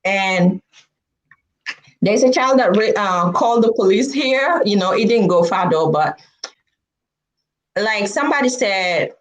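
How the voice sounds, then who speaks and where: A woman vlogger speaks to camera at medium pitch and a measured pace, animatedly telling a story, sharing her opinions, and acting out the people she quotes. The recording quality is low.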